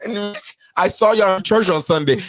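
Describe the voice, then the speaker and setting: A man's voice: sits high, moderate pace, fairly bright tone, no room sound, faint music behind, voice pushed up. A man voicing a married Nigerian man who sweet-talks a woman, speaking in a Nigerian accent. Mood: sweet-talking. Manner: pleading, sweet-talking, playful. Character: smooth-talking married Nigerian man flirting.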